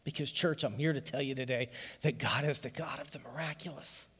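A man's voice: mid-range voice, steady tone, brisk, husky. Emphatic male preacher in a reverberant church. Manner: personal testimony, emphatic and emotional, rising to loud emphasis. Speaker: pastor. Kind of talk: sermon.

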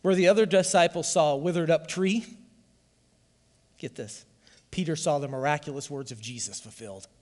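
Pastor, male, high voice, fervent sermon delivery that rises to loud calls to the congregation, church hall reverb. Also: moderate pace, long pauses.

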